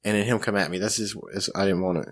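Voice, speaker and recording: Man, co-host, lowish voice, animated, self-mocking, chatty storytelling. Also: fast talker. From grew up in the country. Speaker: podcast co-host. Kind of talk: casual storytelling chat.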